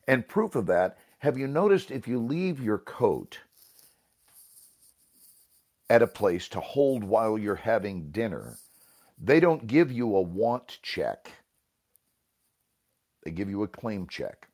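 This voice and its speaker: A man, an improv teacher, explaining a game in a talk show conversation, at times chanting in rhythm. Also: lowish voice. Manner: animated, rhythmic chanting and snapping; occasional coughs, pauses to sip water.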